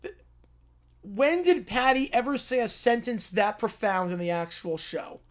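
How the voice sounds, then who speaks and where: A man's voice: high-pitched, expressive, unhurried. A man hosting a livestream, chatting casually and reacting with amusement to a skit he reads out. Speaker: livestream host.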